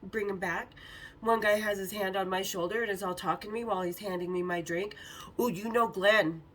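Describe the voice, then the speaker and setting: A woman podcast host telling a story casually, animated and profane, acting out quotes. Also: mid-range voice, fairly quick, far from the mic, low-quality recording.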